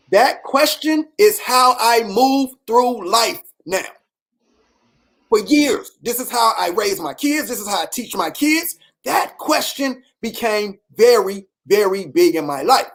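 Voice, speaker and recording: A woman, telling a personal story in a casual, preachy way, repeating questions and acting out the people she quotes. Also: a little high.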